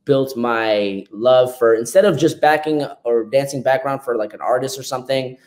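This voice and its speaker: A man's voice: mid-range voice, moderate pace, a little mellow. A young man, a dancer, talking as a podcast guest in a laid-back way, dropping "like" and "man" often. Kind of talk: casual interview chat.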